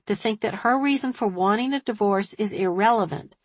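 A woman voicing a shrewd, observant small-town woman who talks briskly and thoughtfully. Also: medium pitch, dry recording, pitched above the performer's own voice, lightly acted. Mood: insistent.

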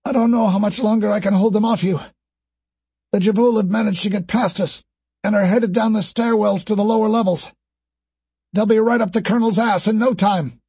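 A battered woman lieutenant, put on by a male narrator, sounds weak and rushed in a much higher, husky register. Her voice sits dry and close in this audiobook reading. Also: steady tone, darkish tone, no room sound, full character voice. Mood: desperate. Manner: weak, hurried. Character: wounded woman soldier lieutenant, grim.

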